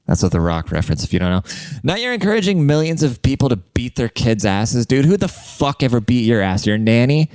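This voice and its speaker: A man's voice: medium pitch, very animated, a little fast, darkish tone, smooth, no room sound. A man hosting a podcast, telling stories in a casual comedic monologue. He rambles, swears a lot, and laughs at his own jokes. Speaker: podcast host.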